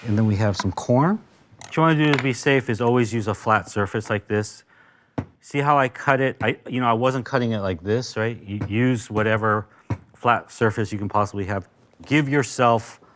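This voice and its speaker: Enthusiastic American chef, casual. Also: male voice, on the low side, moderate pace, soft background music. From Los Angeles, United States. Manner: enthusiastic, talkative, many asides. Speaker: chef teaching cooking. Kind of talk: casual cooking lesson. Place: kitchen with grill.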